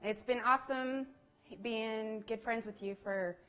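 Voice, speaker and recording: A woman's voice: a little high, fairly even intonation, unhurried, a bit bright. A woman leaving a chatty, rambling birthday message for an old friend, with little laughs. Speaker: family friend. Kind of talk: personal video message.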